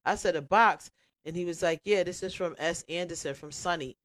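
A woman's voice: lowish voice, fairly quick. A woman guest on a radio talk show, telling stories animatedly and acting out the voices of others. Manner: animated storyteller, acts out dialogue. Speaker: guest, radio and cooking personality. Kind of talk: casual radio interview chat.

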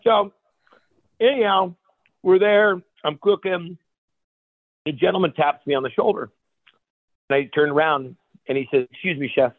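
A male guest chef telling animated stories on a radio show, full of restarts and repeated phrases. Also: sits high, measured pace, long pauses, no echo. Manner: energetic, repeats and restarts phrases, acts out quotes. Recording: tinny phone line, dry.

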